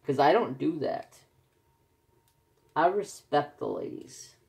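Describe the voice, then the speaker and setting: A man's voice: a little high, big pitch swings, slow pace, vocal fry, a little mellow. A man chatting casually in his craft vlog, telling anecdotes animatedly. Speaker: craft vlogger. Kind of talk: casual chat while crafting.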